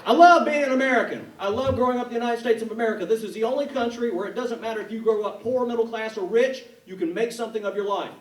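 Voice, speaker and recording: A man from North Carolina doing a stand-up comedy set, with a quick, punchy delivery and put-on voices. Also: extremely high pitch, a little hiss or hum. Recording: echoey room, mic from a distance.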